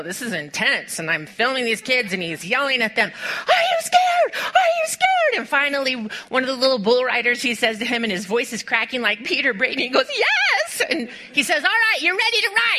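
A woman preacher delivering a sermon to a congregation, telling stories with lively rhetorical questions and speaking directly to her listeners. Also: mid-range voice. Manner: animated storytelling with rhetorical questions.

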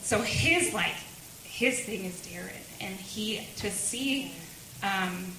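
A woman's voice: medium pitch, slow, a crowd in the background. Chatty woman sharing testimony, roomy sound. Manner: chatty, laughs often, many fillers. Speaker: speaker sharing her testimony. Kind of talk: personal testimony at a women's church gathering. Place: church meeting room. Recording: roomy sound with background noise.

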